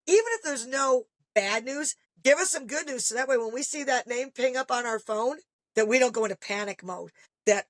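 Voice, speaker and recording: Middle-aged woman, fairly high voice, dry close sound, lively parent storyteller who acts out quotes. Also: a little fast, no echo. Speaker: guest parent. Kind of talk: casual podcast conversation.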